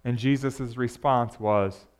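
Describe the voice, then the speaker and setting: A pastor preaching a sermon in a conversational way, often asking the congregation rhetorical questions. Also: male voice, medium pitch, steady tone, slow, smooth.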